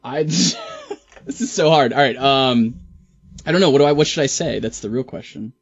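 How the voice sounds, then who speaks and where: A man's voice: mid-range voice, normal speed, husky. Giggly man co-hosting, dull lo-fi sound. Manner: giggly, self-deprecating. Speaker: podcast co-host. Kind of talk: casual podcast chat.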